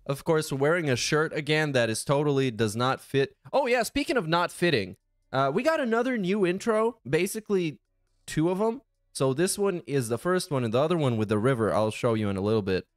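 A man's voice: a little high, expressive, a little fast, no echo, studio quality. A man hosting a casual reaction commentary, sarcastic, profane and exasperated. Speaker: commentary channel host.

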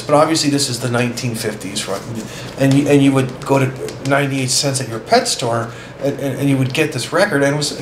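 A man's voice: medium pitch, echoey room, a little hiss or hum, rough recording. A man hosting a record video, chatting casually with an enthusiastic, rambling delivery. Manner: rambling, enthusiastic, repeats words. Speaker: host of a record channel.

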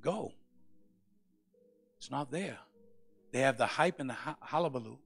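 A male pastor preaching a sermon, with passionate rises to loud peaks. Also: medium pitch, animated, unhurried, vocal fry, breathy edge, soft background music.

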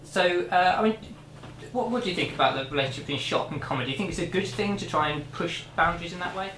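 A man asking interview questions in a hesitant way, filling pauses with ums and uhs. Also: high-pitched, fairly bright tone. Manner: hesitant, filler-heavy questioning. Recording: distant roomy recording with faint noise.

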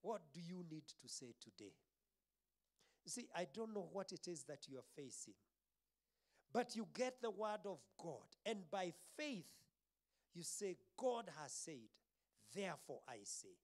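A man's voice: high voice, sing-song, measured pace. A man with a Kenyan accent preaching a sermon, building emphasis through repeated phrases and sometimes dropping almost to a whisper. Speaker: pastor.

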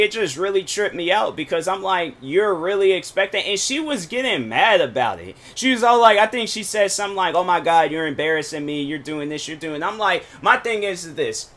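A man's voice: fairly high pitch, pushed and bright. A man telling a rambling, frustrated storytime rant, full of slang and restarts. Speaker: storytime vlogger.

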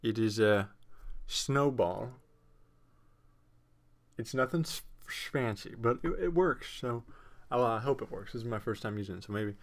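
A young man casually commentating his own gameplay at home on a desktop microphone, rambling and self-mocking with sudden excited outbursts. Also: mid-range voice, a little slow. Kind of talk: casual let's-play commentary. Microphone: desktop USB microphone.

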